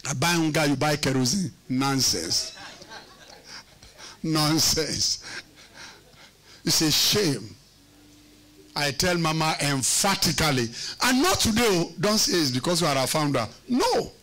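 A man's voice: a little high, animated, unhurried, long pauses, pushed and bright. A man preaching a sermon as pastor, emphatic and teasing, using call-and-response questions and repeating words for effect.

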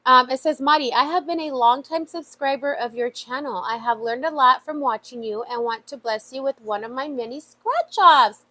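A woman's voice: high voice, normal speed, few pauses, sharp tone. A woman vlogger chatting casually while opening mail, emotional and full of fillers. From USA. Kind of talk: casual chat.

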